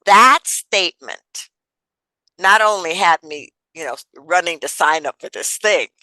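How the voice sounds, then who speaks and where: Woman host, interview chat, animated storytelling, dry close recording. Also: fairly low pitch, measured pace, no room sound, poor audio. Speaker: podcast host.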